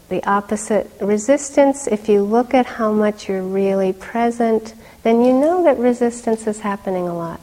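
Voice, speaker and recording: A middle-aged woman teaching meditation in a dharma talk, conversational, with soft laughs and fillers. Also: medium pitch. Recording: long hall reverb.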